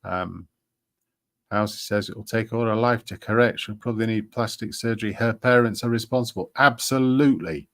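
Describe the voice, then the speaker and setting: A man's voice: fairly low pitch, moderate pace. A man hosting a live stream, chatting casually with many ums and restarts. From Britain. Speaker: livestream host.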